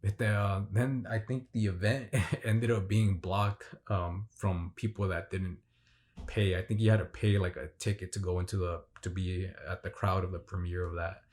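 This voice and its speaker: A man's voice: low-pitched, flat delivery, normal speed, darkish tone. A man recounting a fan signing event in a rambling, enthusiastic casual vlog, full of fillers and restarts. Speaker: vlogger.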